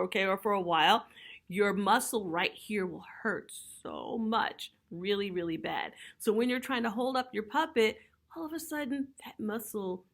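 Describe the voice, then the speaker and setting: A middle-aged woman teaches puppetry basics in a relaxed video lesson. Her talk is chatty and friendly. She keeps checking in with her listeners and slips in light laughs as she goes. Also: mid-range voice. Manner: chatty, checks in with frequent "okay?"; laughs lightly while explaining.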